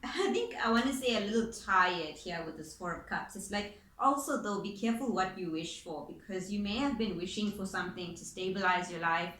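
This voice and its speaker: A woman gives a relaxed, chatty tarot reading in an informal way, now and then letting a swear word slip. Her voice sits at an ordinary middle pitch. It rings in an echoey room over a faint hum of ambience. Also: brisk, few pauses. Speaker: tarot reader. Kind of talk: casual spoken tarot reading.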